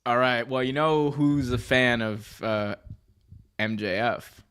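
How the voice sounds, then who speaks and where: A young man hosts a casual wrestling podcast, speaking slowly in a smooth, fairly bright mid-range voice. He chats easily and builds hype through jokes and enthusiasm.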